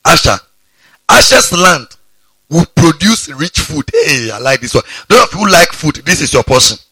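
A pastor preaching a sermon, breaking into sudden high exclamations. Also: male voice, big pitch swings, normal speed, sharp tone, breathy edge, no room sound.

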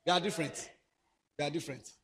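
Man, high husky voice, animated preacher exhorting youth. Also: fast. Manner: animated, swings from soft asides to loud exhortation. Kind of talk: sermon to young people.

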